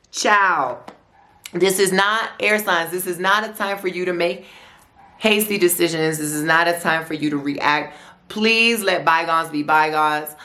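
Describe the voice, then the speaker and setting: A woman's voice: on the low side, a little slow, bright, forceful tone. A woman giving a weekly tarot forecast in a chatty, slangy way, repeating phrases and adding playful asides. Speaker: tarot reader.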